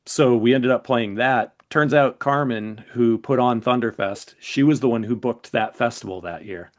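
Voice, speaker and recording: A man hosting a podcast, recounting a story in relaxed casual chat, with fillers like "you know" and "like". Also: medium pitch, moderate pace. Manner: relaxed, loose telling with fillers. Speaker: podcast host.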